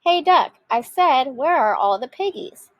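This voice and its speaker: A woman voicing a grouchy, hungry old witch who screeches and shouts. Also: sits high, animated, measured pace, lo-fi sound. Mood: shouting.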